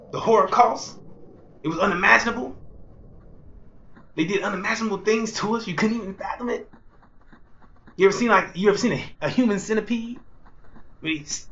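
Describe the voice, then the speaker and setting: A man preaching a fiery street sermon, repeating himself and jumping between loud outbursts and low murmurs. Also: lo-fi sound. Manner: repetitive, rhetorical, keeps asking "you see".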